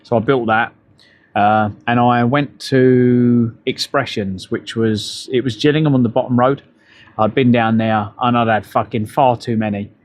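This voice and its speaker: Middle-aged male streamer, mid-pitched, sweary, rambling anecdotes, outdoors on a bike ride. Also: fairly even intonation, measured pace, no room sound. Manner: profane, rambling storyteller. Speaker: livestreamer. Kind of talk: casual live-stream chat.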